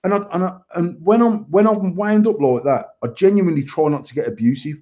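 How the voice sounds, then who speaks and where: Brief: male host, high voice, heated sweary storyteller, dull lo-fi stream sound. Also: fairly quick, dark tone. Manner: ranting, heavy swearing, worked-up. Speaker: podcast host. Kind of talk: casual live-stream chat, storytelling. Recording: slightly muffled lo-fi stream audio.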